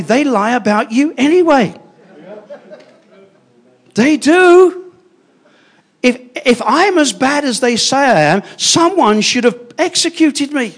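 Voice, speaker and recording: Older man, preacher, fervent sermon, high voice, very animated pitch. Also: takes it slowly, pauses often. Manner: fervent, swings between hushed asides and loud declarations.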